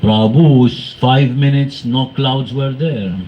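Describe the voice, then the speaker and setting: A man speaking to a devotional gathering, telling anecdotes in an animated way, acting out quoted voices and laughing often. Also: mid-range voice, slow pace, muffled recording, slight background noise. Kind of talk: storytelling talk to a congregation.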